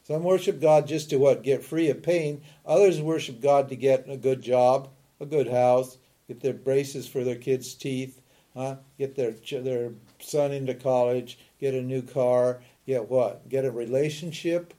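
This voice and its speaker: A man giving a spiritual talk on scripture, who keeps asking his listeners rhetorical questions and tossing in a quick "huh?" while he chuckles. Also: medium pitch, fairly even intonation, dark tone. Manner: chuckles often while explaining. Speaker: spiritual teacher.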